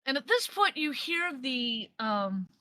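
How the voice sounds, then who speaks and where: A woman running a tabletop role-playing game as game master, describing scenes haltingly with many restarts. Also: high-pitched, big pitch swings, sharp tone, no echo. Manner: halting, full of restarts and fillers.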